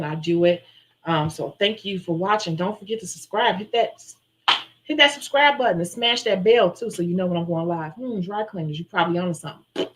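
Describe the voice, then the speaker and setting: Brief: woman nail-tech host, chatty live-stream storyteller, mid-pitched voice. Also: moderate pace, rough recording. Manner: chatty, animated storyteller who acts out her own quotes.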